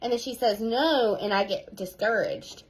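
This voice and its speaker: A woman, a sales team leader giving an animated, casual pep talk at home, repeating key phrases for emphasis. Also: on the high side, moderate pace, breathy edge, poor audio.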